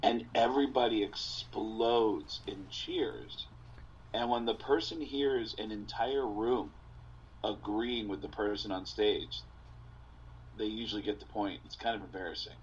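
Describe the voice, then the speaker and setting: Man telling stories with lively energy. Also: on the low side, unhurried, lo-fi sound, slight background noise. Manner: animated, acts out voices in his stories. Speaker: comedian guest. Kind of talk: casual storytelling.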